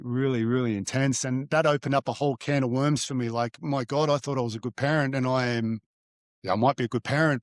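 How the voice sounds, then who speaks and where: A middle-aged man speaks at an everyday middle pitch, thinking aloud as he tells his story. He hesitates often and restarts his sentences, and the close mic gives a dry sound with no room echo. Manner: halting, with frequent fillers and restarts. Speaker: guest, divorced father. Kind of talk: reflective storytelling in an interview.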